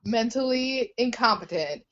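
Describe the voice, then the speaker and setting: A woman's voice: fairly high pitch, lively intonation, unhurried, fairly bright tone, lo-fi sound. A woman co-hosting a podcast in casual chat, playful and teasing. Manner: playful, teasing, laughs a lot. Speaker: podcast co-host.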